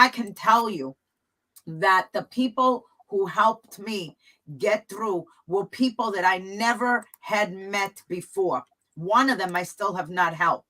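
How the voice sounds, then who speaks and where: A woman's voice: mid-range voice, bright, forceful tone, poor audio. A woman hosting a talk show, speaking earnestly and from the heart as she shares her own story with her guest. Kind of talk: talk show conversation, personal testimony.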